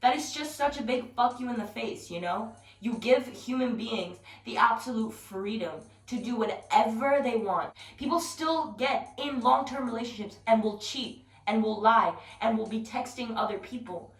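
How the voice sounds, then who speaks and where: A young woman vlogging at home in a blunt, profane, animated rant, recorded from a distance with background music. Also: fairly high pitch, normal speed. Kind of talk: casual rant to camera. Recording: roomy, distant from mic, music behind.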